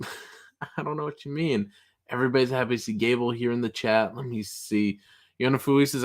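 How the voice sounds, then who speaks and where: A man hosting a casual livestream, reading chat comments aloud with jokey mock outrage. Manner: jokey, mock-outraged, rising pitch when protesting. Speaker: livestream host.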